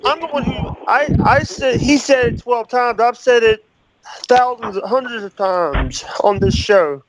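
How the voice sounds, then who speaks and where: A man calling into an online hangout show from a home mic, talking haltingly, repeating himself and breathing heavily. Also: very high-pitched, slight background noise, poor audio. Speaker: caller. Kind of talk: casual online hangout chat.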